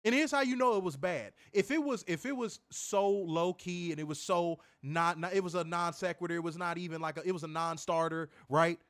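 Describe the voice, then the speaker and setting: Angry male co-host, high voice, profane heated rant on a stream. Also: a little fast, few pauses, a bit bright. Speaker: wrestling show co-host.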